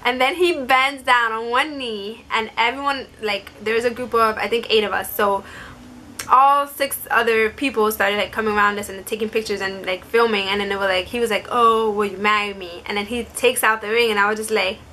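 A woman's voice: fairly high pitch, fairly even intonation, bright, forceful tone, a little hiss or hum. A young woman vlogger telling a personal story to camera in a casual, chatty way, full of "like" fillers. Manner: chatty, many "like" fillers, quotes others in quick asides.

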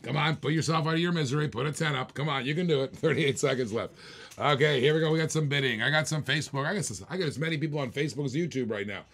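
Gravelly man hurrying auction bids. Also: on the high side, very fast, a bit bright. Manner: joking, urging bidders on. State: short of breath. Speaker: live auction host. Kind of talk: live auction banter.

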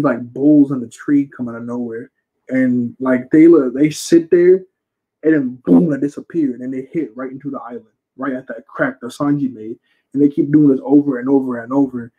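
A man's voice: medium pitch, husky, narrow, tinny audio. A young man casually recapping a film, rambling and slangy and often correcting himself. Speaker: reviewer.

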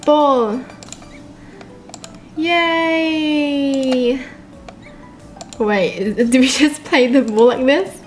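A woman hosting a let's-play video, giggly and excitable, laughing often as she comments. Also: a little high, unhurried, hardly any pauses, faint music behind. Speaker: gaming video host.

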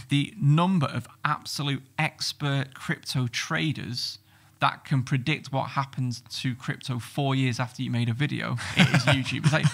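A man's voice: medium pitch, a little slow, vocal fry. A middle-aged man talking bluntly and swearing freely as a guest in a casual podcast chat. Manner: blunt, sweary, animated storytelling.

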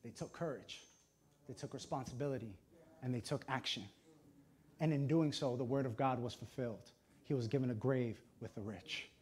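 This is a medium-pitched man, a pastor, delivering a sermon full of passion. His volume shifts from quiet to loud, punctuated by dramatic pauses and brief, forceful phrases.

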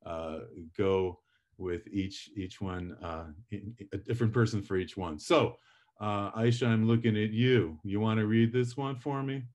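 Man lecturing a class, lowish voice, animated delivery, middle-aged, playful demos of volume and pace. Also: a little slow. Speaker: public speaking instructor.

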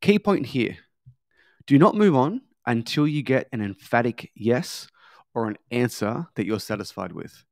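A man's voice: medium pitch, measured pace, creaky, no room sound, clean studio sound. A man teaching a sales training lesson, coaching in a repetitive, emphatic way and acting out bits of sales dialogue. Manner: coaching, repeats key points, acts out sales dialogue.

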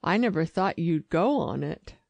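A woman's voice: fairly low pitch, expressive, normal speed, gravelly, darkish tone, no echo, lo-fi sound. A woman reading an audiobook, voicing a reserved wealthy husband who speaks curtly. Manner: curt, clipped. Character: reserved rich husband, curt and cool.

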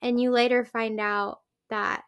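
Earnest woman guest, fairly high voice. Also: flat delivery, unhurried, fairly bright tone, clear, resonant tone, no echo, lo-fi sound. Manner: earnest, heartfelt, tearing up at times. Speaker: podcast guest. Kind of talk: casual chat.

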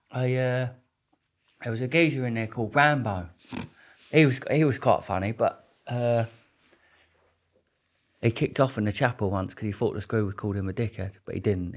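Rambling Englishman telling prison stories. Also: medium pitch. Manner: rambling, laughs often, many restarts. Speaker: podcast guest. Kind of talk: casual storytelling.

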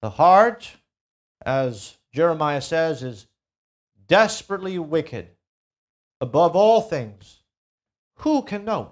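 A male pastor preaching a sermon in a church, swinging from loud, emphatic peaks to low, quiet drops and drawing out key words as he reads scripture. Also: sing-song, slow pace, pauses often. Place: church sanctuary.

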